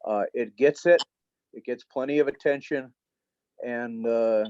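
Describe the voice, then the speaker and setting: A man's voice: medium pitch, unhurried, no echo, lo-fi sound. A man, a police officer, giving a blunt, matter-of-fact report on a video call at a council meeting.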